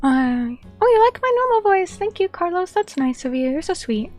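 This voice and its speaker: A young woman streamer chatting casually with viewers, rambling with many fillers and quick apologies. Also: very high voice, sing-song, darkish tone. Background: faint background music.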